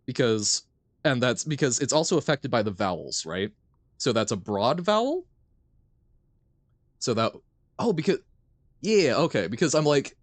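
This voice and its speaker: A man streams a video game, casually commenting, reading chat aloud and giggling often. His voice is medium in pitch, and the recording is dry.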